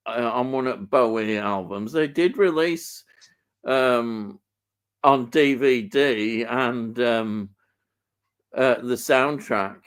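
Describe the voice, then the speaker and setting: A man's voice: medium pitch, slow pace, clean tone. A middle-aged Yorkshire man chatting casually on a livestream and reading out viewer comments, with lots of ums and easy laughter. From Yorkshire, England. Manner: hesitant, many ums, laughs easily. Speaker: livestream co-host reading chat. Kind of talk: casual chat.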